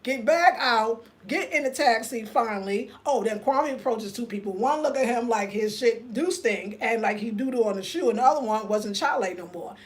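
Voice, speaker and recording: Older lady, storytelling, kinda high voice, swears a lot, acts out everybody. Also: moderate pace, few pauses. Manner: animated, profane, acts out other people. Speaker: vlogger. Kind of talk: casual storytelling.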